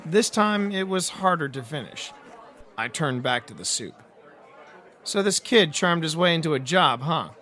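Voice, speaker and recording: A man's voice: on the high side, very animated, measured pace, sharp tone, some chatter behind. A man narrating a first-person hard-boiled detective audiobook, with a wry storytelling delivery.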